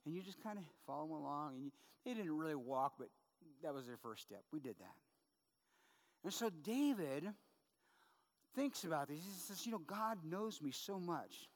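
In a slightly high voice with big pitch swings, a middle-aged male pastor preaches at a moderate pace. He stays chatty throughout, checking in with "right?" and telling comic stories from his life, his words echoing with long hall reverb.

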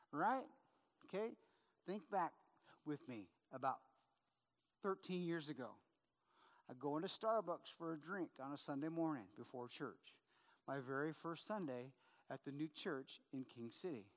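A middle-aged male pastor preaching a sermon in a chatty, conversational way, often checking in with "right?" and telling funny stories from his own life. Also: fairly high pitch. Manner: conversational, tag questions, humorous anecdotes. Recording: long hall reverb.

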